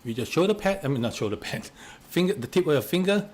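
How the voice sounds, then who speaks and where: A man leading simple relaxation exercises step by step. He talks hesitantly, restarts and repeats words, coughs now and then, and goes soft and quiet while guiding. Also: fairly high pitch, expressive, fast talker. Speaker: relaxation instructor.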